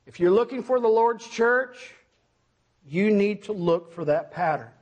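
Middle-aged guy preaching, high voice kinda husky, keeps asking the church questions then answering. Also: animated, a little slow, muffled recording. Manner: emphatic, asks the congregation questions and answers them. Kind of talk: sermon.

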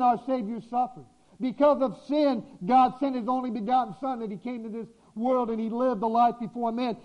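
A man preaching a sermon to his congregation, exhorting and repeating key phrases, slowing down to stress his points. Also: extremely high pitch. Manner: exhorting, repetitive, slows for emphasis. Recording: dull lo-fi recording.

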